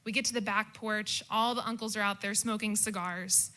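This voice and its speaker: A young adult woman telling a comic personal story about a family holiday, animated and shouting out her relatives' quoted lines. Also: mid-range voice, moderate pace, noisy background.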